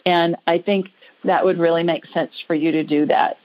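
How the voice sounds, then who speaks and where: A woman's voice: fairly low pitch, steady tone, normal speed, highs cut off. A woman hosting a call-in show, chatty, upbeat and reassuring with her callers. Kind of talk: call-in radio chat.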